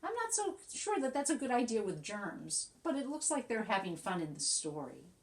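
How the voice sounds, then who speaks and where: A woman teacher reading a picture book aloud to young children, animated and coaxing, often asking them questions. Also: a little high, moderate pace, a little hiss or hum.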